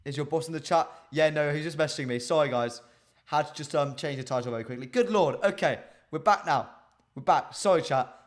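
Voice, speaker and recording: Brisk and a little high-pitched, a man hosts a casual football stream. He keeps up a chatty flow aimed directly at his chat, with frequent ums.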